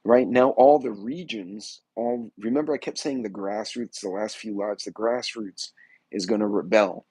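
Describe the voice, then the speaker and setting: A man's voice: fairly low pitch, normal speed, darkish tone, breathy edge, dry recording. A man hosting a livestream, chatting casually and rambling as he greets viewers by name. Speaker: livestream host. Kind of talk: casual political livestream chat.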